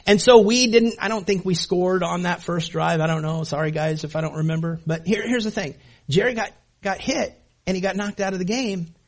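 Husky-voiced man telling a lively football story. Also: sits high, fairly quick. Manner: animated, laughing often, acting out his past self. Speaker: former high school football player telling a story. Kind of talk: anecdotal storytelling to an audience.

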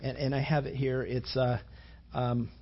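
A man's voice: mid-range voice, flat delivery, unhurried, gravelly, highs cut off, slight background noise. A man preaching a sermon to young men, rambling in a chatty way with many fillers and rhetorical questions.

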